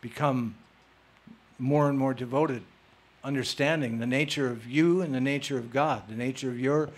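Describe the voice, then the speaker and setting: A man's voice: mid-range voice, normal speed. A man giving a spiritual lecture and answering audience questions, playful and emphatic. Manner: animated, playful, teasing, emphatic.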